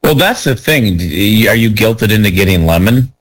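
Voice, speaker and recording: A man's voice: fairly low pitch, expressive, moderate pace. A man in casual podcast chat who adds teasing, dry asides.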